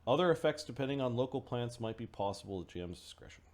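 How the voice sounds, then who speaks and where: A man playing a tabletop game, reading rules aloud and thinking out loud with fillers. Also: mid-range voice, animated, fast talker. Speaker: player.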